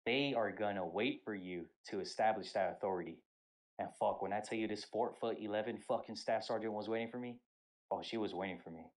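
This young co-host's voice runs lowish and a little fast over poor audio. Chatting casually on the podcast, he spins a profane army tale with lively energy, acting out the quotes.

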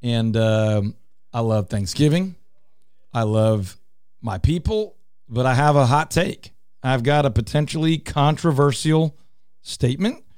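A middle-aged man hosts a talk radio show, bantering and poking fun at himself and his co-host. His voice is mellow and dark. The studio sound is dry and close. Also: medium pitch, lively intonation, a little slow, smooth, dry recording. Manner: playful, teasing and self-mocking.

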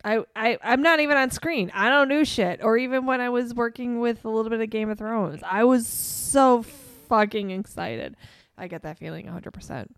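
Bawdy woman with a gravelly lively voice. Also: on the high side, normal speed, dry recording, clean studio sound. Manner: bawdy, playful, laughs a lot. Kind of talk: casual chat.

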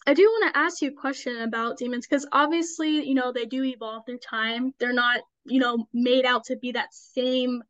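A woman hosts a casual interview, her voice sitting somewhat high. She chats loosely, leaning on fillers and quick agreement. The recording is a little muffled and dry, with no room echo. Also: steady tone, fairly bright tone. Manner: chatty, frequent fillers and affirmations. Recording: dull, slightly lo-fi dry sound.

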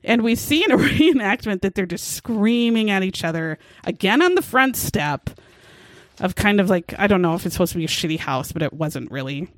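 A woman hosting a podcast, retelling a true-crime story in a casual, animated way and laughing often. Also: medium pitch, brisk, no echo. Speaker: podcast host.

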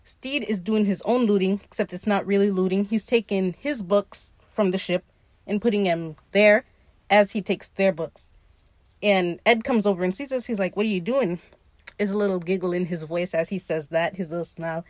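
A woman's voice: mid-range voice, moderate pace, dry recording. Opinionated woman podcaster, dry close sound. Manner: opinionated, slangy and profane, animated retelling. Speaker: podcast host recapping a TV episode. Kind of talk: casual chat.

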